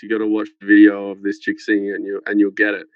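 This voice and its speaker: A man's voice: lowish voice, completely flat delivery, fast talker, no room sound, muffled recording. A man guest on a podcast, telling a rambling, swear-filled anecdote in casual chat over a phone held close to his head. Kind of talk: casual storytelling. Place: farmhouse.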